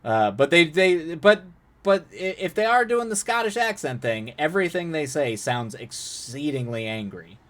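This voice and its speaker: A man's voice: on the high side, very animated, normal speed, fairly bright tone. Chatty young man reading a story on stream. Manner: chatty, frequent restarts and laughs between passages.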